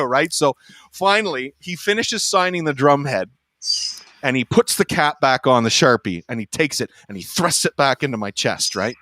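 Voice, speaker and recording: Man telling a lively, swear-laced story. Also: on the high side, a little fast, no room sound. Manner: animated storytelling, acting out quotes, swearing freely. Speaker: roundtable panelist. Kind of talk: casual anecdote telling.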